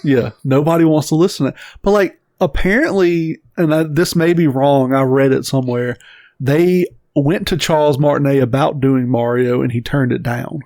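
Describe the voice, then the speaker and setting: A man with a mid-range voice co-hosts a casual podcast. He gives blunt, profane opinions and gets animated as he rants. The recording is close and dry. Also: mid-range voice, moderate pace, dry recording. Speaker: podcast co-host. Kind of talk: casual chat.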